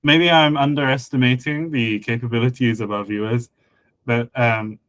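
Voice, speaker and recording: A man chatting casually on a podcast, explaining a constructed language, with many fillers and a patient, halting delivery. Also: mid-range voice, steady tone, fairly bright tone, dry recording, poor audio. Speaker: conlang creator guest and co-host. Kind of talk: casual podcast chat about linguistics.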